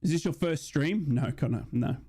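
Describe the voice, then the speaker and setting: A young man hosting a live football watch-along, chatting casually and reading out viewer shout-outs. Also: on the high side, moderate pace, breathy edge. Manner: chatty, reads out chat messages and shout-outs. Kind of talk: casual live-stream chat and mock commentary.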